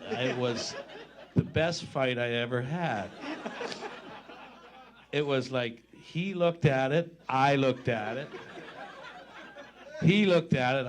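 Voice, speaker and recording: A man telling lively anecdotes on stage, laughing as he acts out other people's voices. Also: a little high. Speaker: guest storyteller. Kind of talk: live storytelling on stage. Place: stage before a live audience.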